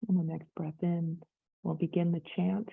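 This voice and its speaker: Female meditation teacher, gentle and inviting, husky voice, tinny phone-quality audio. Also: lowish voice, little pitch movement, normal speed. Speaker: yoga and meditation instructor. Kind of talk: guided meditation instruction.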